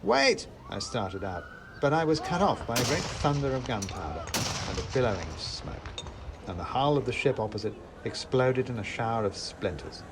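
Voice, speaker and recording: A man narrating a storybook with wry, expressive storytelling. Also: mid-range voice, moderate pace, background noise.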